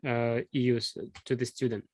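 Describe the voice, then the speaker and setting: An interviewer with a Russian accent asks short questions, with a pause here and there. The voice sits in the middle range. The recording is dry and close. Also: medium pitch, little pitch movement, a little mellow, no echo. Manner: brief, hesitant questions. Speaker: interviewer, channel host.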